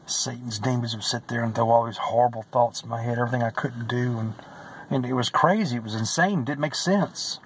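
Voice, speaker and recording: An earnest man tells a personal religious testimony in a plain, mid-pitched voice. He talks with emotion, repeats phrases and at times sinks into a whisper. Faint noise sits under his voice. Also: a little fast, poor audio.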